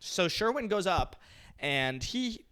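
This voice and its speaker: A young man with a bright, forceful, slightly high voice tells a story on a casual podcast. He is a comedian and acts out the people he quotes with animated energy. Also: takes it slowly, clean tone.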